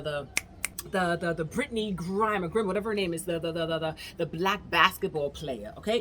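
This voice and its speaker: A travel vlogger from the United States tells a story straight to camera, casual and emphatic, often addressing her viewers as "y'all." Her mid-range voice is a bit bright, with a little hiss or hum in the recording.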